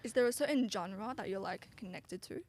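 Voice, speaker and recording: A woman's voice: mid-range voice, brisk, a little mellow. A teenage girl interviewing a guest, asking chatty questions full of fillers. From Australia. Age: teens. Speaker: student interviewer. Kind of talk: casual interview.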